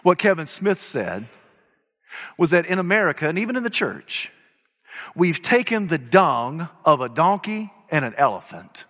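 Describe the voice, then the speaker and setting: A man preaching a sermon to a crowd, emphatic, swinging between loud declarations and quiet remarks. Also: on the high side, big pitch swings, normal speed. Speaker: pastor. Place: church sanctuary before a crowd. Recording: live hall with long reverb.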